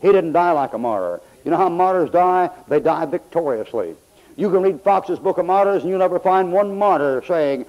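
A man's voice: fairly high pitch, lively intonation, moderate pace. An older man preaching a sermon in a folksy, storytelling way. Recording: dull lo-fi old tape.

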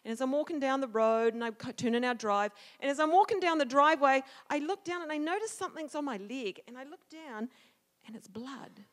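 A woman with a fairly high voice shares a personal story during a church service. She is an animated storyteller who acts out the shouts and the quoted words of the people in it. Her voice carries through a reverberant church sanctuary. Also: a little fast. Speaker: church speaker. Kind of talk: storytelling sermon. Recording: long hall reverb.

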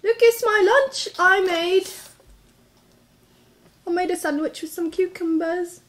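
A woman's voice: extremely high pitch, slow, fairly bright tone. A young woman chatting casually and giggling as she films a home vlog on a handheld camera. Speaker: vlogger. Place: home kitchen and living room.

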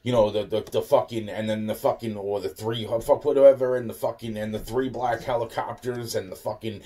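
A man with a lowish, mellow voice rambles through a profane rant, circling back with "you know" and "like" and restarting his sentences. He sounds a little distant from the microphone. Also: steady tone, brisk. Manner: profane, repetitive, full of fillers and restarts. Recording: voice a bit far from the mic.

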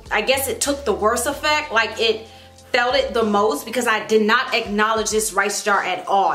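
A woman's voice: on the high side, fairly bright tone. A woman talking casually to camera in a vlog, chatty and dramatic. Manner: chatty and dramatic, squeals and laughs. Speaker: vlogger. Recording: echoey room with background music.

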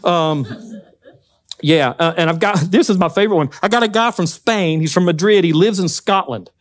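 A man's voice: high voice, normal speed, no echo, clean studio sound. A man with a Southern US accent giving a conversational church talk, folksy and emphatic, with joking asides. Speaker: guest speaker at church. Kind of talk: conversational sermon. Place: church hall.

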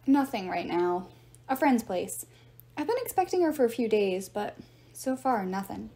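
A woman's voice: mid-range voice, animated, moderate pace, warm tone, close to an everyday voice. A woman reading aloud, voicing a weary teenage girl who explains things in a subdued tone. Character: weary, worried teen girl, calm and explaining. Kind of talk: audiobook reading.

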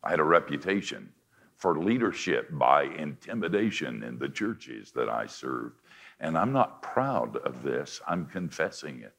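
An older man with a deep voice preaching a confessional sermon, swinging between forceful lines and hushed ones. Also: sing-song, a little slow, creaky, husky.

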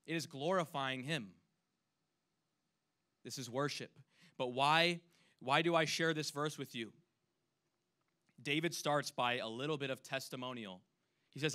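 A man preaching a sermon as a youth pastor, earnest, dropping to a hush and then rising to loud emphasis. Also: medium pitch, unhurried, long pauses. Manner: earnest, swings between hushed and loud emphasis; acts out imagined voices when quoting.

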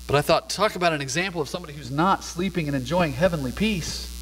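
A middle-aged man preaching with a somewhat high voice and an easygoing, chatty delivery. He tells stories like he is talking with friends. His voice carries a long reverb from the church hall around him. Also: quick pace, a bit bright, slight background noise. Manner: conversational storytelling, laid-back. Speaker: pastor. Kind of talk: sermon. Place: church sanctuary.

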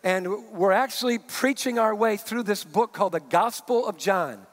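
Animated high-voiced male pastor. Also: moderate pace. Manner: animated storyteller, acts out the people in his stories. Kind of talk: sermon. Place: church sanctuary. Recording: long reverb of a church hall.

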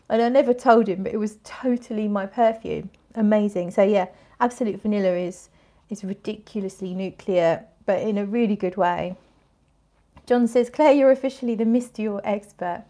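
A bubbly woman in her forties chats her way through a perfume livestream, answering comments as they roll in. She talks loosely, stops and restarts her sentences, and her voice sits at an average pitch for a woman. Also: a little mellow. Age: 40s. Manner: chatty, bubbly, with frequent restarts and laughs. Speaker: fragrance livestream host. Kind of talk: casual live-stream chat reading comments.

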